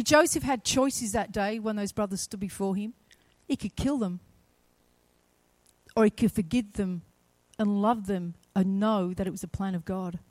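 High-voiced woman preaching with swings in volume. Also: dry recording. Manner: storytelling preacher, swings from soft to loud, emphatic. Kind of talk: sermon.

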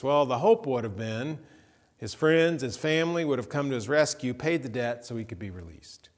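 A man preaching a sermon, retelling a parable with vivid storytelling that rises into animated emphasis. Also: on the high side, normal speed, long reverb tail. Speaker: pastor.

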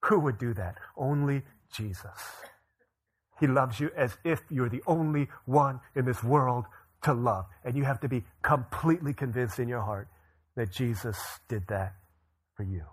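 A man in his thirties delivering a sermon, weaving in casual personal stories. His voice is slightly husky and sits at an ordinary middle pitch. He talks with easy, everyday phrasing and small restarts. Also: normal speed. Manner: conversational storytelling, frequent fillers and restarts. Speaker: pastor.

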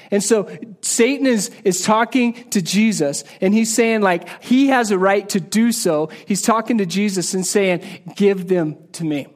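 A man delivers a sermon with a voice sitting fairly high for a male speaker. His teaching is casual and conversational rather than formal, with frequent repeats and restarts as he unpacks the text. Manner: repeats and restarts words while explaining. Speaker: pastor.

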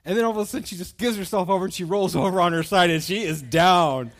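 A middle-aged man telling a personal story at a bible study, folksy and animated, with many fillers. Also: high-pitched, fast.

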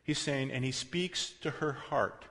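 A man preaching a sermon in a conversational way, with asides and self-corrections, swinging between loud emphasis and quiet passages. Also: mid-range voice, measured pace. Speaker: pastor. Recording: long reverb of a large hall.

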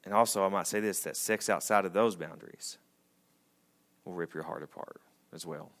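A married man preaching a sermon to a congregation, speaking casually and swinging from loud emphatic lines to quiet asides. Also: sits low, moderate pace. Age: adult, married. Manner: conversational preacher, rising to emphatic peaks and dropping to quiet asides. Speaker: pastor. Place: church sanctuary before a congregation.

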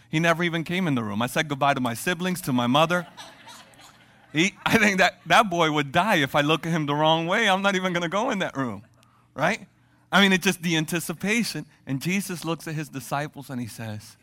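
A male pastor preaching a sermon in an animated way, reading scripture and acting out quoted voices with humor. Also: a little high, normal speed.

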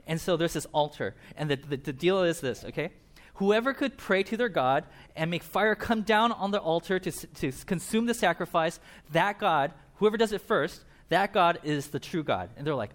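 A man's voice: high-pitched, fairly quick. A man preaching a sermon, telling a Bible story with energy and acting out the quotes. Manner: animated, acts out quotes in changing voices, laughs often. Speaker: pastor.

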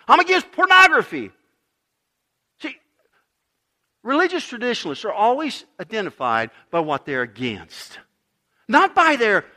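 A middle-aged pastor preaching a sermon, emphatic, dropping to a hush and then rising loud again. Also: male voice, high-pitched. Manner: emphatic preaching, swinging between loud and hushed.

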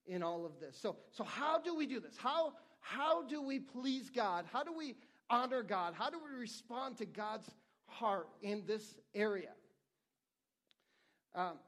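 A middle-aged male pastor preaching a sermon in an earnest, conversational way, often restarting his phrases. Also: sits high.

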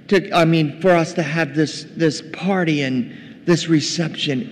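A pastor with a slightly high, unhurried voice preaches a sermon in church, speaking conversationally and directly to his congregation, whom he calls "gang." The recording has a long reverb and faint noise.

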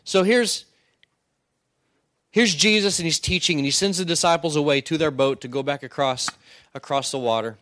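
A man's voice: fairly high pitch, normal speed, pauses often, a bit bright, dry recording. A man preaching a sermon in a conversational way, often asking "right?" and restarting words. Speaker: pastor.

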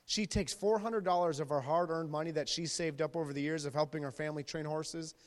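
A man, a youth pastor, preaching a sermon and telling stories lively, acting out the people in them. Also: a little high, a little fast. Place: church sanctuary. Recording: long reverb of a large hall.

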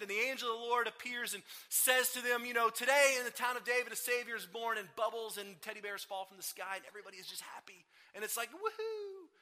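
Bright, high-voiced man preaching a sermon. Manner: animated storytelling, acts out quoted lines. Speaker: pastor.

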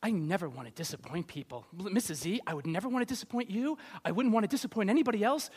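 A man's voice: high voice, lively intonation, quick pace, darkish tone, breathy edge. A man voicing an over-accommodating, eager-to-please Jesus in a sermon illustration, mock-earnest.

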